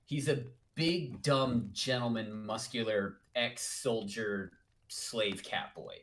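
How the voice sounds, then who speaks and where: Sarcastic man of middling pitch. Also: slow, a bit bright. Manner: sarcastic, blunt, profane. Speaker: podcast co-host. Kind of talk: casual chat.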